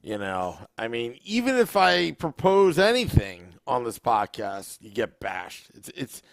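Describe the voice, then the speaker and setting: A man's voice: mid-range voice, big pitch swings, unhurried, vocal fry, no echo, clean studio sound. A man hosting a sports podcast, talking easily and hesitantly with many restarts. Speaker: podcast host. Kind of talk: casual podcast chat.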